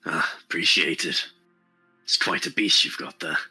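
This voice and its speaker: A man's voice: low voice, normal speed, pushed and bright, breathy edge, faint music behind, full character voice. A man playing an earnest young male adventurer who talks in a friendly, slightly formal way. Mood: warm.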